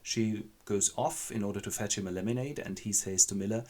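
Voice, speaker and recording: A man hosting a comic retelling of a play with toy figures, brisk and playful. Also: on the low side, darkish tone. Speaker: host.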